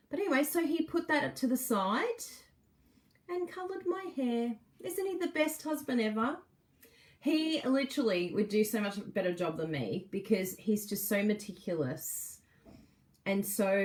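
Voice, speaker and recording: Chatty aussie woman on a live stream, bouncy voice that goes all over, greets people, laughs a lot. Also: on the high side. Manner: bubbly, greets viewers by name, laughs often. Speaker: Facebook Live host. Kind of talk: casual live-stream chat.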